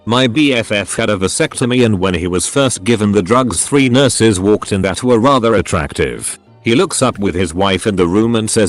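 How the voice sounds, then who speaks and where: A man reading online stories aloud as scripted narration, animated, with dry punchlines. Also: lowish voice, normal speed, few pauses, soft background music.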